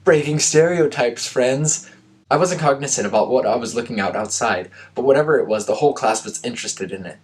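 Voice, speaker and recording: A man's voice: mid-range voice, expressive, a little fast. A young man with an ordinary mid-range voice reads his old story aloud. He keeps stopping to poke fun at his own writing in a dry, sarcastic tone. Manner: self-mocking, sarcastic asides. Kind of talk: reading aloud with joking commentary.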